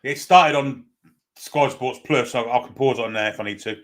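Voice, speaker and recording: A man's voice: medium pitch, moderate pace. A man co-hosting a live football fan stream, chatting casually and restarting his phrases. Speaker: co-host.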